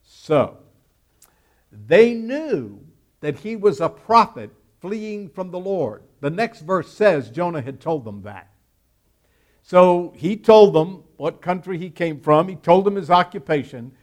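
A man preaching a sermon, reading scripture aloud and explaining it word by word, with emphatic stress that swings between loud and quiet. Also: sits high, lively intonation, takes it slowly. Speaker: pastor.

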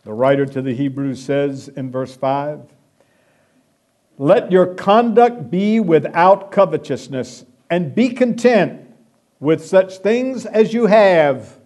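Slow, emphatic male preacher. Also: fairly high pitch. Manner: emphatic, swelling and dropping to a hush. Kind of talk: sermon.

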